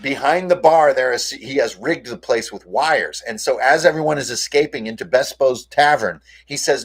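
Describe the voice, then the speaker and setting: A man's voice: medium pitch, moderate pace, hardly any pauses, breathy edge. Chatty man recapping his tabletop game. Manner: casual, chatty, playfully addresses viewers. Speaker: game master.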